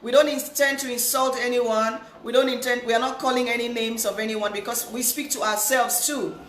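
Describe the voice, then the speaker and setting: A woman's voice: on the high side, steady tone, brisk, fairly bright tone. A woman hosting a live stream, greeting viewers by name in a chatty, repetitive way, her voice thick with a cold. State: nasal with a cold. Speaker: livestream host. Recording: echoey room with faint hiss.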